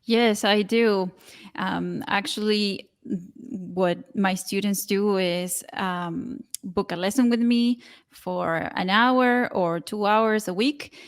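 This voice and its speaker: A woman with an Argentine Spanish accent, a native Spanish speaker, answering interview questions as a Spanish teacher in a measured, clear way. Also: medium pitch.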